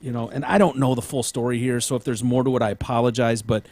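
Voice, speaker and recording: A man's voice: mid-range voice, steady tone, quick pace, darkish tone. A man hosting a podcast in casual chat, rambling and hedging with plenty of ums. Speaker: podcast host.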